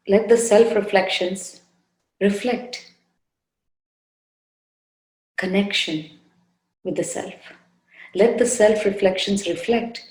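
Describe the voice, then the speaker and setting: Woman, satsang teacher, gentle coaxing delivery, mellow warm tone, roomy echo. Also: medium pitch. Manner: soft, unhurried, gently coaxing with repeated phrases. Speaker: spiritual teacher leading a satsang. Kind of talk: devotional talk with guided meditation. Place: indoor room.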